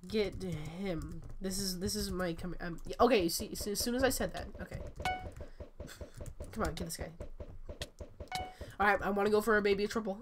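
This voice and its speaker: A woman giving excitable, chatty gameplay commentary while sick, her voice cracking often. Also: medium pitch, brisk, pauses often, slight background noise. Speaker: gaming channel host.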